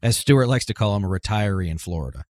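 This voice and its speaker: A man's voice: on the low side, expressive, quick pace, a little mellow, no room sound. Man hosting a podcast panel, dry sound. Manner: steers the talk with questions to panelists. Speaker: podcast host. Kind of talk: casual panel discussion.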